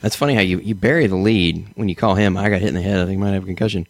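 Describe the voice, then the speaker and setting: A man's voice: low-pitched, rapid-fire, no echo. A man in casual podcast chat, dry and teasing.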